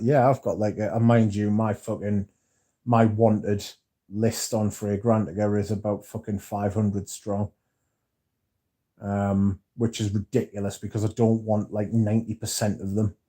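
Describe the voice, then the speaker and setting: A man's voice: lowish voice, little pitch movement, moderate pace, warm tone. A man hosting a casual livestream, reading viewer comments aloud and swearing freely as he chats. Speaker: livestream host reading chat. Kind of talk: casual livestream chat about perfume.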